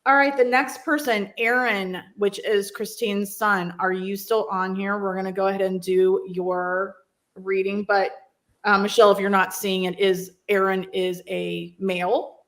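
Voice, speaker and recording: A woman's voice: medium pitch, fairly even intonation, unhurried, fairly bright tone. A woman giving an intuitive card reading on a live stream, effusive and emotional, with frequent exclamations.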